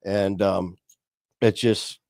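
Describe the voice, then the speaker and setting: A man with a deep voice hosts a podcast, telling stories unscripted over a video call through streaming software, with many restarts and chuckles. He speaks extremely slowly and flatly, with vocal fry and a slightly mellow quality. The studio-quality audio carries no room sound.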